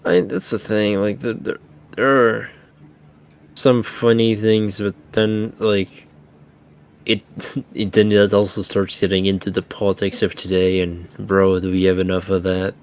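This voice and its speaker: A man playing a tabletop game, talking casually with many halting restarts and some swearing. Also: fairly low pitch, little pitch movement, clear, resonant tone. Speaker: player.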